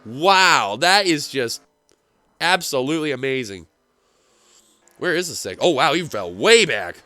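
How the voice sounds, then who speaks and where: Excitable high-voiced male race commentator. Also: unhurried, no room sound. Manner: excitable, rises sharply at race finishes. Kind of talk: play-by-play sim racing commentary.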